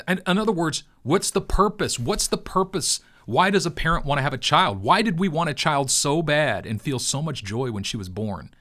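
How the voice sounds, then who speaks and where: A middle-aged man, host of his own channel, talking earnestly in a preacher-like way with long pauses, telling a personal story. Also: mid-range voice, a bit bright. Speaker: crypto video host. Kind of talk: heartfelt personal talk.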